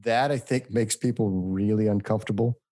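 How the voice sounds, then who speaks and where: A man from the United States in casual chat, telling animated stories and mimicking voices. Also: fairly low pitch, moderate pace, dry recording, clean studio sound.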